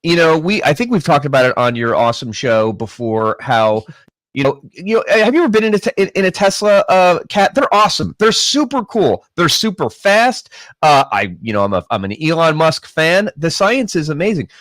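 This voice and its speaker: Man thinking out loud on politics. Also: on the high side, sing-song, normal speed, dry recording. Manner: thinking out loud, emphatic asides. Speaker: guest political commentator. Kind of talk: casual political chat.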